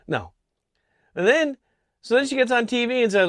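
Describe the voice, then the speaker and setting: A man's voice: high voice, sing-song, a bit bright, no echo. Indignant American man, dry close sound. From Connecticut, USA. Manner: indignant, halting with fillers and restarts. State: clearing throat from allergies. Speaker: political vlogger. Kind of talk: casual opinion monologue. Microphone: small camera mic.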